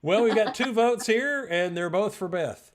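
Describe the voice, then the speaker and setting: A man's voice: sits high, normal speed, a crowd in the background. A man hosting a virtual improv show over a video call, loose and rambling with fillers.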